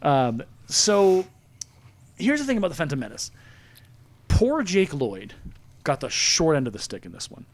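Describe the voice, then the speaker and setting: A man in his forties hosting a podcast, chatting casually in an animated, jokey, rambling way. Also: fairly high pitch, moderate pace, long pauses. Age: 40s. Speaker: podcast host. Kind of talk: casual chat.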